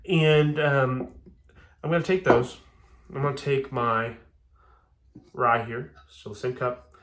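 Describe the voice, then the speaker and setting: A man's voice: mid-range voice, a bit bright, a little hiss or hum. Rambling, chatty young man. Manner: chatty, rambling, frequent restarts. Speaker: bourbon video host. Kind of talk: casual home cocktail demo.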